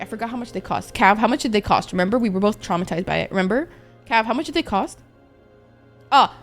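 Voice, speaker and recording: A young adult woman streaming, chatting casually with her viewers in a playful, rambling, profane way, often laughing. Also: medium pitch.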